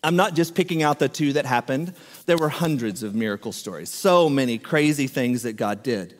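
A man's voice: mid-range voice, moderate pace, big-room sound. A man preaching a sermon, telling a story and acting out what each person said. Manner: animated storyteller, acts out quoted speech.

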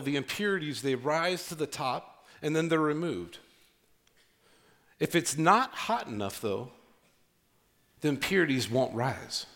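A man preaching a sermon as pastor, earnest and conversational, with dramatic pauses. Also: a little high, fairly bright tone.

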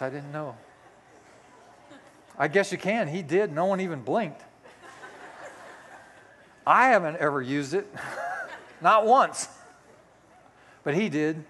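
A man's voice: a little high, lively intonation, unhurried, pauses often, a bit bright, slight background noise. A male pastor in his sixties preaching a sermon, telling a personal story with folksy, self-deprecating humor. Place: church sanctuary. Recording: long hall reverb.

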